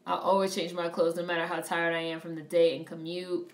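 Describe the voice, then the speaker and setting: A woman on a casual live stream who reads viewer comments aloud and reacts to a film in a blunt, profane, animated way. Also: fairly low pitch, brisk, distant mic. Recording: roomy, off-mic sound.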